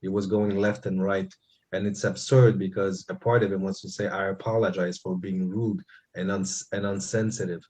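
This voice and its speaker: A low-voiced man working as a guest medium at a service. He relays messages quickly and earnestly, with a gently reassuring tone. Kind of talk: mediumship reading at a church service.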